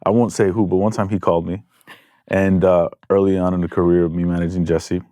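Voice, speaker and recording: A man who hosts a podcast and manages artists, talking candidly and relaxed in a casual interview. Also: low voice, dry recording, studio quality. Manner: relaxed, candid, swears, quick affirmations.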